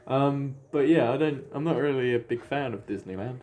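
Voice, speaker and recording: A man's voice: medium pitch, moderate pace, darkish tone, slight background noise. A young man, co-hosting a podcast and chatting in a dry, teasing way with frequent laughs. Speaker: podcast co-host. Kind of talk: casual chat.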